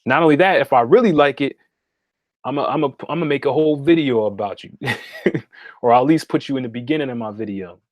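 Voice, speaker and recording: A male spiritual consultant hosts a laid-back livestream in his home meditation room, talking plainly to viewers and checking in often with "okay?" His medium-pitched delivery is repetitive and a little fast, and there is no echo.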